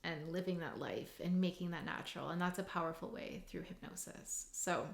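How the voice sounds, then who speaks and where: A woman's voice: fairly low pitch, steady tone, normal speed, creaky. A woman hypnotherapist and mindset coach explaining in a casual, earnest way, full of "like" and "right?". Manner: conversational, many "like" and "right?" tags, earnest. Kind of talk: casual teaching monologue. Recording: roomy echo.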